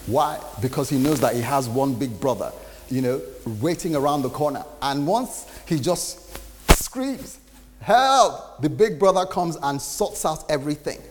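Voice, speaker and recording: Pastor preaching in an echoing hall. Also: male voice, medium pitch, normal speed. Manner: conversational preaching with acted-out quotes. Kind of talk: sermon. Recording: reverberant hall with faint noise.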